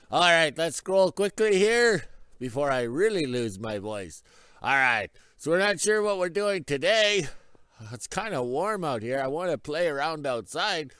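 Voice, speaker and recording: A man, hoarse from losing his voice, chatting casually and jokingly in a rural vlog recorded outdoors in winter on his phone. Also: medium pitch, a bit bright, no echo, studio quality. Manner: rambling, jokey, self-deprecating. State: hoarse, lost voice. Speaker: vlogger.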